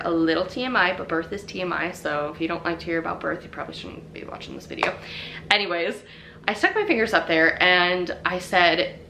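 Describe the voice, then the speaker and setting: A woman's voice: mid-range voice, sharp tone, a little hiss or hum. A young woman telling her own story in a chatty, casual way, full of fillers.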